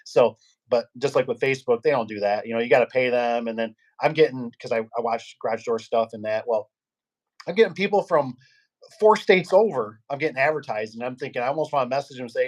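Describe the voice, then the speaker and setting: Man, garage door business owner, casual podcast chat, rambling storyteller, mid pitch. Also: a little fast. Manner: rambling storyteller, acts out quoted people.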